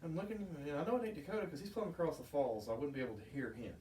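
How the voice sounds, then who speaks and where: A man's voice: fairly high pitch, very animated, very fast, darkish tone. A man co-hosting a podcast, telling stories with heated, profane outbursts. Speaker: podcast co-host. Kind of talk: casual chat. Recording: roomy, distant mic, faint noise.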